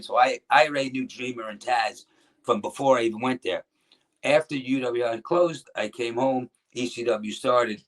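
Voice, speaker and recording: A middle-aged man tells old stories in a relaxed interview. He rambles and restarts his sentences, slipping into the voices of people he quotes. His pitch sits in an ordinary male middle range. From New Jersey. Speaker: guest, former pro wrestler. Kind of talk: casual interview storytelling.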